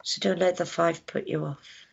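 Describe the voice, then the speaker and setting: A woman working as a psychic medium, giving a live reading with halting speech, lots of fillers, hushed asides and affectionate words like darling. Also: fairly low pitch, steady tone, gravelly, husky. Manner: affectionate, calls people darling and my lovely. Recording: dull lo-fi sound.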